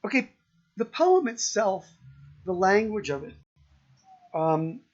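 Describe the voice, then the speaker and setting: A male lecturer talks through a poem in a slow, unhurried way, often stopping and restarting his sentences. His voice sits fairly high for a man. The recording is dull and a little lo-fi. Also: big pitch swings. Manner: halting, many ums and restarts, slow and thoughtful. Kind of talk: university lecture.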